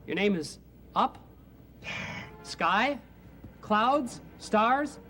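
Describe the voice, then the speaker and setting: A man hosting a children's TV show, speaking in a gentle, soft-spoken and coaxing way. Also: high-pitched, lively intonation, very slow, soft background music. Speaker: host. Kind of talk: children's TV presenting.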